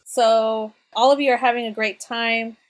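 A woman narrating as game master for a tabletop game, relaxed and chatty. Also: a little high, moderate pace. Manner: relaxed, chatty, laughs often.

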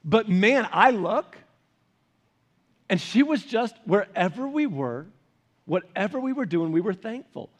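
A man's voice: high-pitched, very animated, a little slow, long pauses. A man pastor giving a casual, conversational sermon, often repeating and restarting words.

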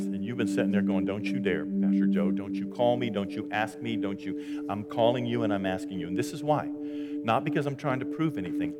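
A man preaching a sermon as pastor, dramatic, dropping to a hush and rising to loud exclamations. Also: on the low side, in a large hall. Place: church sanctuary.

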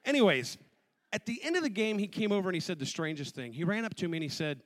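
A man in his forties sharing a personal testimony, an animated storyteller who acts out the voices of the people in his story. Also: high-pitched, quick pace. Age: 40s.

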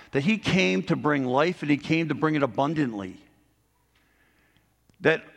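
A man's voice: medium pitch, creaky, a bit bright. A middle-aged man preaching a sermon as a pastor, earnest and rising to emphasis on key points. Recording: long hall reverb.

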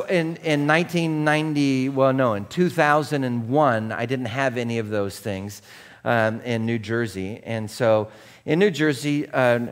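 A man in his forties preaching a sermon, telling a self-mocking personal story full of fillers and restarts before turning to the scripture. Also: medium pitch. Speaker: pastor. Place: church stage.

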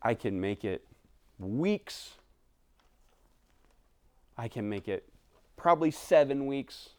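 A pastor in his thirties delivers a conversational sermon slowly in a mid-range voice, with no room sound. He moves between lively, animated stretches and hushed, quiet passages.

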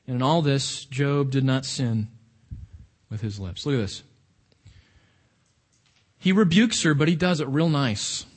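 A man's voice: medium pitch, lively intonation, unhurried, pauses often. A man preaching a sermon in a conversational, emphatic way, with rhetorical questions to his listeners.

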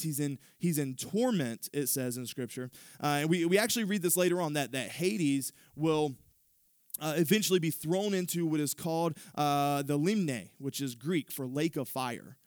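Male pastor, sermon, lively retelling with restarts; slightly high-pitched, dry recording. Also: smooth, no echo. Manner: animated storytelling with many restarts.

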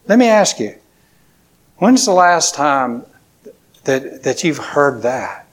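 A man's voice: a little high, animated, unhurried, pauses often, breathy edge. A man preaching a sermon to a congregation, emphatic, with repetitions and call-and-response. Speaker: pastor.

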